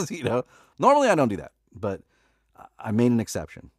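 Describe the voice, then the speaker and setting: A man's voice: medium pitch, wildly swooping pitch, moderate pace, dry recording, studio quality. A man who narrates audiobooks, chatting casually on a live stream in a laid-back way, with lots of filler words and easy laughs.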